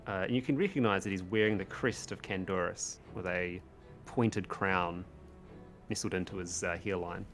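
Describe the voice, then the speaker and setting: A man's voice: sits low, normal speed, faint music behind. A man narrating as game master, describing scenes and teasing his players.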